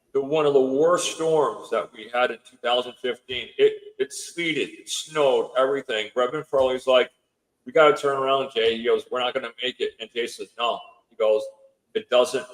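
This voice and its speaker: On a low-quality recording, a man with a medium-pitched voice appears as a podcast guest and house owner. He casually tells a long story, repeatedly quoting what other people said. His telling rambles, full of restarts and filler words.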